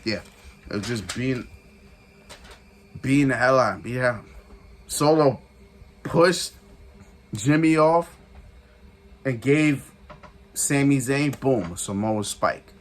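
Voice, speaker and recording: A man giving a casual, excitable recap of a wrestling event, repeating phrases for emphasis and laughing often. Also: medium pitch, a little slow, pauses often. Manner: excitable, retells with shouted quotes and sound effects. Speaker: wrestling reviewer.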